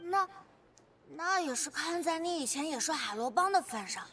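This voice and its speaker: A woman voicing a young, cheerful and curious companion girl in a game dub, lively and teasing. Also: high voice, normal speed.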